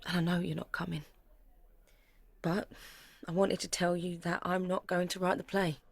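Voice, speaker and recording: An actress playing a young daughter who narrates her search into her family's past in an audio drama. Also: lowish voice. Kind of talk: present-tense dramatic narration.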